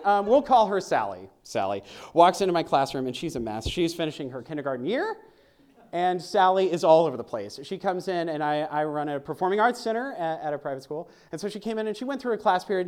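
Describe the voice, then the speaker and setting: A man's voice: high voice, lively intonation, fast talker, a little mellow. A man preaching a sermon at a church service, conversational and joking as he reads scripture aloud.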